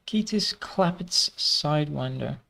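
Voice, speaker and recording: A man's voice: a little high, animated, takes it slowly, vocal fry, pushed and bright. A man giving casual gameplay commentary, self-mocking and rambling, his voice tired. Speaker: gaming video creator.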